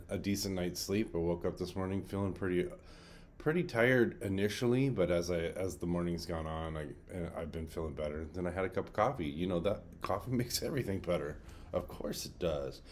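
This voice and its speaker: A man's voice: low voice, darkish tone. A man recording his own daily vlog, talking casually in a rambling, upbeat way and often correcting himself. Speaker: daily vlogger. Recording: faint outdoor traffic hum.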